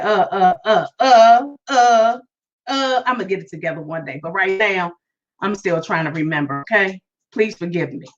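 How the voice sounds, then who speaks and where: A woman hosting a live podcast, talking to her viewers in an excited, chatty way with loud exclamations. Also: fairly high pitch, dull audio. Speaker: podcast host. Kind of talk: casual live-stream chat.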